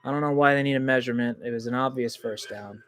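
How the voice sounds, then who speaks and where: A man hosting a livestream football reaction, excitable and quick to get indignant at calls, loose and rambling with many ums. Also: medium pitch, a little hiss or hum. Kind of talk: live football reaction commentary.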